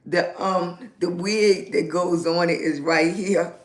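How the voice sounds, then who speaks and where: A woman's voice: lowish voice, measured pace. A woman hosting a casual livestream, greeting viewers by name and speaking upbeat, affirming words of encouragement. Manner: motivational, speaks positive affirmations. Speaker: lifestyle blogger hosting a livestream. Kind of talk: casual live-stream chat.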